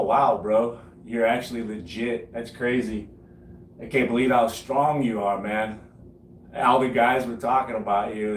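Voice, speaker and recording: This home gym streamer, a man in his forties, late in the decade, tells casual stories boasting about his cycling, cursing freely and chuckling at his own tales. His voice is mid-range, and the mic sits far away in an echoey room, with some faint noise.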